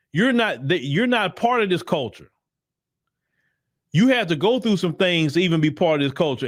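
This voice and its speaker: A man's voice: high voice, no room sound, clean studio sound. A man giving blunt, emphatic opinion commentary in casual slang, often repeating himself for emphasis. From United States. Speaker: commentary channel host.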